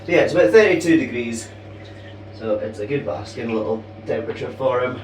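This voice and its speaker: A man's voice: medium pitch, animated, fairly quick, distant mic, noisy background. A man who keeps reptiles, hosting a casual vlog and chatting to the camera while he handles and coos over large pythons. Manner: chatty, coos affectionately at the snakes. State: slightly out of breath. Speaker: reptile keeper and channel host.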